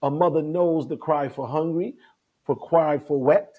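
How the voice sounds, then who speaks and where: A man, a guest speaker on a panel, talking reflectively in measured phrases and listing words one by one. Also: fairly high pitch, narrow, tinny audio.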